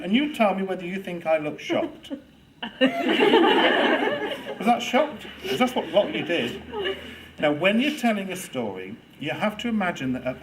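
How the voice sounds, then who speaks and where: Animated man, loud noisy recording. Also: on the high side. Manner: playful, demonstrative, teasing. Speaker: storyteller leading a workshop. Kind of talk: lively workshop talk to students. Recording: loud background noise.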